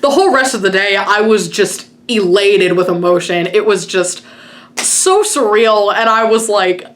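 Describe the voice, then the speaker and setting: A woman's voice: mid-range voice, measured pace, a bit bright, slight background noise. A woman vlogger telling a personal story in a chatty way, full of "like" and retold conversations. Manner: chatty, full of "like" and quoted retellings. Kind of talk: casual storytelling to camera.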